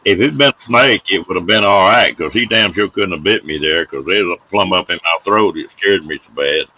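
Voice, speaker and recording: A middle-aged man with a drawl hosts a casual show and tells tall tales. His voice sits very low, with a bright, forceful tone. He tells his folksy yarns with a laugh close behind. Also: fairly quick. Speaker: host telling stories. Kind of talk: casual storytelling on a live show.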